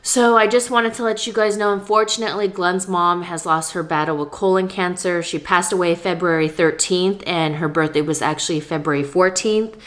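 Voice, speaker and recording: A woman's voice: lowish voice, steady tone, normal speed, few pauses, fairly bright tone. A young woman, talking candidly to the camera at home in a casual vlog while she eats. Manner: chatty, candid, talks between bites of food. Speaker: vlogger. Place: at home, indoors.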